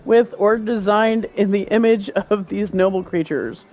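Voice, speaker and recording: A woman's voice: mid-range voice, measured pace, muffled recording, lightly acted. A woman reading the lines of a formal, lecturing male folklore professor from a game, quizzing and stumbling over long words. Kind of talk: reading game dialogue aloud.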